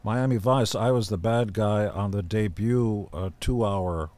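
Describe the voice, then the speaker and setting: A man in his seventies, a podcast guest, telling stories in a gruff, deadpan way and acting out other people's voices. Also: fairly low pitch, measured pace. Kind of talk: casual storytelling.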